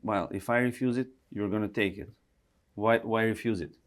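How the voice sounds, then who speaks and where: A man's voice: lowish voice, fairly even intonation, normal speed. Albanian-accented man, chatty interview guest. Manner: chatty, laughs often, many restarts. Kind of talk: casual interview conversation.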